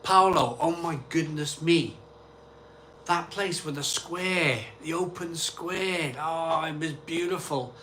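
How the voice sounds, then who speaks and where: A man's voice: fairly high pitch, slow pace, sharp tone, a little hiss or hum. A man hosting a casual live stream, reading out viewer comments and answering them in an offhand, chatty way.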